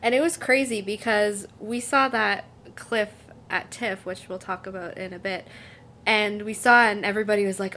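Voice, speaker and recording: Young woman co-host, chatty and animated, faint room hiss. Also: mid-range voice, normal speed. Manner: chatty, lots of "like", acts out quotes. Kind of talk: casual chat.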